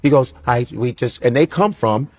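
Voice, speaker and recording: A man in casual conversation, telling stories animatedly and slipping into quick impressions. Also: mid-range voice. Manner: animated storyteller who slips into impressions. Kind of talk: casual chat.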